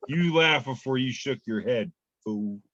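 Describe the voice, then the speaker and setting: A man's voice: medium pitch, a little slow, pushed and bright, dry recording, lo-fi sound. Hesitant man co-hosting a podcast. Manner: hesitant, filler-heavy joking. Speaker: podcast co-host. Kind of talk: casual chat.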